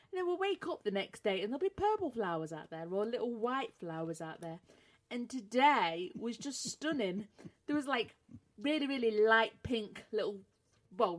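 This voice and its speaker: A British woman co-hosting a radio show, teasing her co-host and laughing often. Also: medium pitch. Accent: British English. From England. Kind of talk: playful banter on a podcast radio show.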